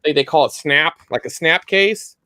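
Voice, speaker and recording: A man's voice: a little high, moderate pace, pushed and bright, slight background noise. A man co-hosting a live online collecting chat, talking casually and rambling with lots of fillers over a video call. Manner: rambling, loose, many fillers.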